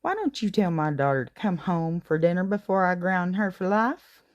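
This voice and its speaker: A woman's voice: lowish voice, lively intonation, moderate pace, lo-fi sound, close to an everyday voice. A woman doing a sly drawling Texan dad. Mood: dryly scolding. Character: gruff Southern father, man, sly and stern.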